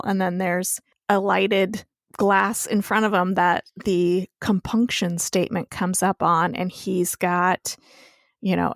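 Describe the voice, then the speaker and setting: A young woman talks through a TV episode scene by scene, chatty and loose, swearing freely. Her pitch sits in the middle. The sound is close and dry, with no room around it. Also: vocal fry, dry recording. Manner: chatty storytelling with casual swearing. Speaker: podcast co-host. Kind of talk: casual TV recap chat.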